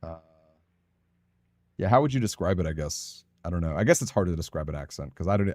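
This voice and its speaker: A man's voice: low-pitched, lively intonation, brisk, long pauses, darkish tone, dry recording, studio quality. A man with a Southern Californian accent, chatting in a rambling, casual way with his live-stream audience while he plays a game. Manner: chatty, rambling, answers chat aloud.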